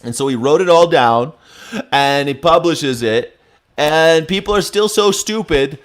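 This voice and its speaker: A man with a slightly high voice talks politics off the cuff, sarcastic and crude, swinging from loud mock alarm to muttered asides. He swears freely and mocks the clips he plays. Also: moderate pace. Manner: sarcastic, profane, mocking. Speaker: host. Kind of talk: casual political commentary reacting to news clips.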